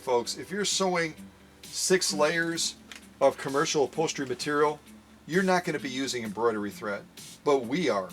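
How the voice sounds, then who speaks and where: A man's voice: medium pitch, a bit bright. Casual guy doing a sewing demo for his chat, middle voice, faint music behind. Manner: playful, talks straight to viewers as folks. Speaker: sewing machine restorer. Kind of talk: live premiere demo chat.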